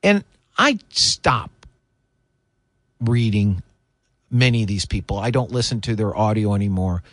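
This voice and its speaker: A man's voice: fairly low pitch, animated, unhurried, pauses often, fairly bright tone, no echo. A man hosting political talk radio, delivering opinionated commentary in an indignant, emphatic way. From United States.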